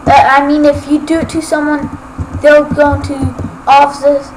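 A woman's voice: sits high, little pitch movement, unhurried. A woman giving rambling, casual gameplay commentary as a Let's Play gamer, often ranting at haters. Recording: noisy homemade recording.

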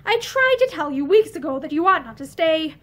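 A woman's voice: extremely high pitch, sing-song, a little fast, fairly bright tone, exaggerated voice. A woman reading aloud, voicing a timid, tearful young governess who speaks tremulously and falters. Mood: pleading.

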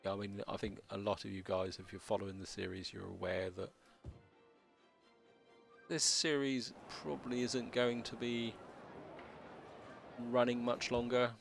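A man hosting a city-building let's play, talking casually as he plays, with a slightly croaky voice and a halting, stammering way of speaking. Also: fairly low pitch, level tone, soft background music. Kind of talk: casual gameplay commentary.

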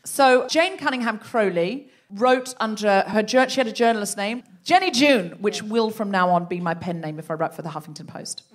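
A woman's voice: medium pitch, moderate pace, few pauses. A woman hosting a live comedy podcast, telling a story in a chatty way and laughing often.

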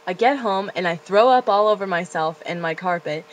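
A woman's voice: lowish voice, brisk, rough recording. A young woman in her late teens from Florida, ranting bluntly and profanely in a casual confessional vlog from her bedroom. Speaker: vlogger.

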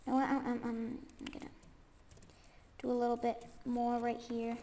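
A young woman with a very high, stuffy-sounding voice from a cold, chatting casually and rambling excitedly as she builds in a game. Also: moderate pace, slight background noise. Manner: rambling, excitable, many fillers and sudden squeals. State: congested from a cold. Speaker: gaming YouTuber.

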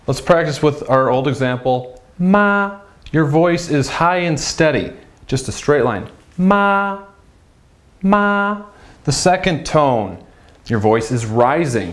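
A man teaching a beginners' Chinese lesson at a whiteboard, talking in an upbeat, direct way and sounding out drill syllables with big swings in pitch. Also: moderate pace.

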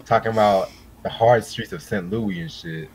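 A man co-hosting an album review in casual chat, laid-back and unhurried, swearing casually and a little high. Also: gravelly, a little hiss or hum. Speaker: podcast co-host reviewing an album.

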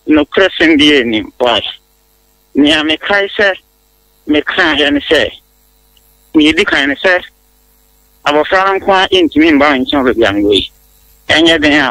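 A man's voice: fairly high pitch, gravelly, bright, forceful tone, dry recording, low-quality recording. A man defending himself on a talk show, hesitant and pleading, stumbling and repeating his words. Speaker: accused guest.

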